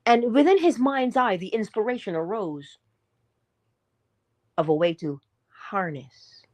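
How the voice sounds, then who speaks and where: An inspirational speaker with a mid-range voice takes her time, unhurried, through a motivational morning talk. Emphatic and animated, she preaches directly to listeners, asking rhetorical questions and dropping from loud bursts into hushed asides.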